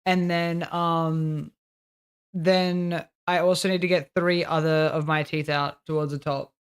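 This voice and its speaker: A man's voice: on the high side, little pitch movement, measured pace, smooth. A man in casual stream chat, joking and swearing freely. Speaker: streamer guest.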